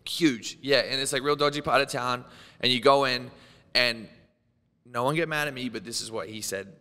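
A man's voice: mid-range voice, normal speed, sharp tone, clear, resonant tone, in a large hall. A young Australian man in his twenties, a podcast guest telling wild stories in casual chat, rambling and swearing as he acts out what people said. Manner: rambling storyteller, swearing and laughing, acting out quotes.

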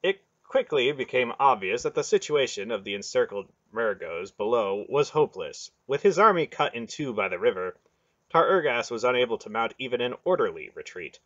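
A man reading a fantasy novel aloud in steady, scripted narration. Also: medium pitch, normal speed, dry recording, dull audio. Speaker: audiobook reader.

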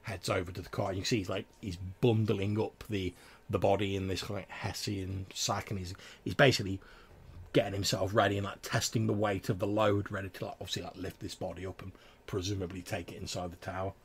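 Fields: gravelly man, rambling game master. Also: deep voice, level tone, brisk. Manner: rambling, filler-heavy description. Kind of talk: narrating a tabletop game.

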